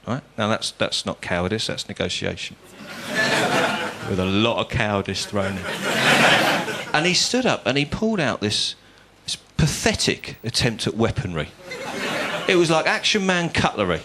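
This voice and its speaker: A man's voice: on the low side, big pitch swings, normal speed, noisy background. A man from England, doing a stand-up routine on a comedy club stage, telling a story in a dry, self-mocking way. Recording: live club with loud audience laughter.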